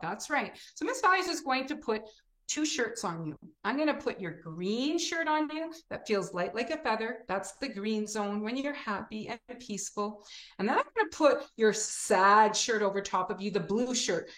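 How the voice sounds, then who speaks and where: Expressive woman teacher in echoey room. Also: fairly high pitch, normal speed. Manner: expressive, acts out classroom examples, frequent "right?". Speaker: teacher and children's program creator. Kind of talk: animated interview talk.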